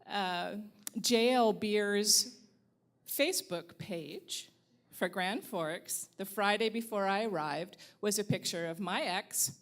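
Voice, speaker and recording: A middle-aged woman from the Upper Midwest tells a personal story to a live audience. Her voice sits at a mid pitch, and her delivery is wry, candid and unguarded, with casual swearing. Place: live event venue.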